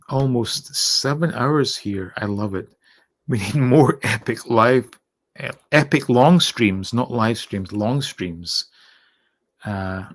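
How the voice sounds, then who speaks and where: A Scottish man with an accent softened by years abroad, hosting a late-night livestream and reading out viewer comments in a rambling, halting way. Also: on the low side. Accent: Scottish, softened by years in North America. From Scotland. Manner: rambling, halting, lots of uh and restarts, thanks viewers. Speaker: livestream host.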